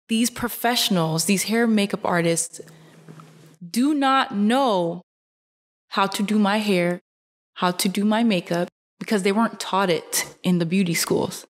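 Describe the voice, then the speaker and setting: A young woman, a fashion model, talking casually to camera from her couch, earnest and animated, her pitch jumping up on emphasis, with many fillers. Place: indoors, seated on a couch.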